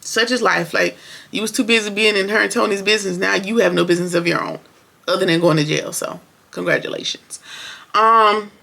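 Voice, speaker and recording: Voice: medium pitch, a little fast, vocal fry, bright, forceful tone. A show reviewer recapping an episode in casual, opinionated, slangy chat, talking straight to viewers.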